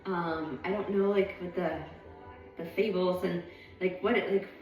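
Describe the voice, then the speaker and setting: A woman's voice: fairly low pitch, steady tone, measured pace, muffled recording, soft background music. Woman vlogger, meandering and reflective, full of ums, distant mic in a very echoey room. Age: adult. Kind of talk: casual rambling monologue. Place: at home.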